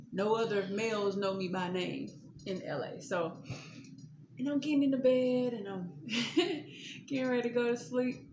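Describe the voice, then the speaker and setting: A woman's voice: on the high side, measured pace, long pauses. Woman guest, chatty laughing storyteller, echoey noisy room. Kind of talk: casual faith testimony. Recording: echoey room, audible noise.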